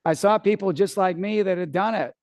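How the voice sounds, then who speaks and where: A middle-aged man speaks from a seminar stage in a fairly high voice. He tells a story with casual swearing and acts out his own panic. The sound is dry and close. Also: brisk, darkish tone, no echo, dull audio. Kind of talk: live seminar talk.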